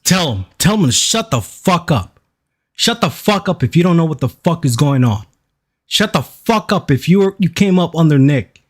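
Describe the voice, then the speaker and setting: An excitable man reacting to a clip on a live stream. His voice sits a little high and swings widely up and down as he hypes it up. He talks profanely and eggs the clip on. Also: normal speed.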